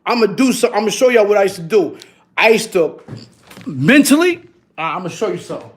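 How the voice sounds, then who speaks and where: A middle-aged man talking loudly to his livestream chat, laughing often, in heavy street slang. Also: high voice, sing-song, fairly quick. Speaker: livestream host.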